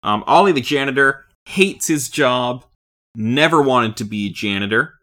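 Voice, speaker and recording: A man's voice: mid-range voice, normal speed. A man co-hosting a casual podcast about a film, talking in a wry, joking way. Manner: lively, wry, deadpan jokes. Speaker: podcast co-host.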